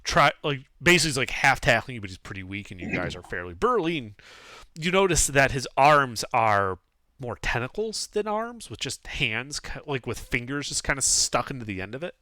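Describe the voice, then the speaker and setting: Animated, rambling man game master. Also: mid-range voice, moderate pace, no echo. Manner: animated, rambling with many fillers. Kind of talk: narrating a tabletop game.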